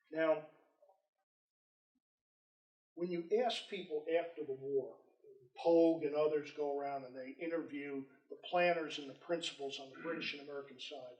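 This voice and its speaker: Man telling history in an echoey room. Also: high-pitched. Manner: animated, acts out quoted dialogue. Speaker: historian lecturer. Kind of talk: storytelling history lecture. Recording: roomy echo, distant mic.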